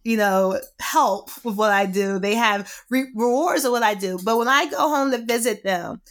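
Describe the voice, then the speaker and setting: A woman entrepreneur chatting as a podcast guest, animated and quick to laugh while telling stories. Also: a little high. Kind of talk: casual conversation.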